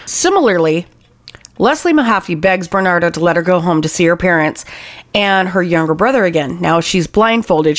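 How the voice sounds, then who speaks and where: A woman's voice: lowish voice, no echo. A woman co-hosting a casual true crime podcast, recounting a case with anger and heavy swearing. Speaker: podcast co-host.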